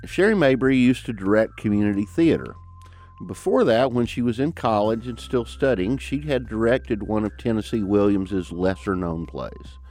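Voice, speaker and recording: A man with a Southern mountain twang, hosting and narrating a scripted program in a measured, folksy way. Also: on the low side, animated, darkish tone. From American South. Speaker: host.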